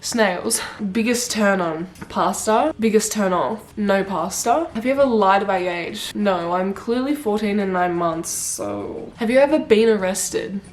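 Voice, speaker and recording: A woman's voice: medium pitch, measured pace, hardly any pauses. Chatty young woman vlogger. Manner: animated, swearing, chatty with frequent "like". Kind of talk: casual storytelling vlog.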